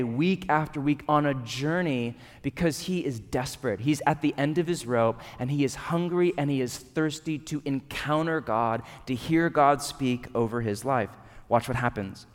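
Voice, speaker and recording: A pastor preaches a sermon in a conversational way, asking rhetorical questions in a medium-pitched voice at a slightly slow pace. The long reverb of a large hall surrounds his voice.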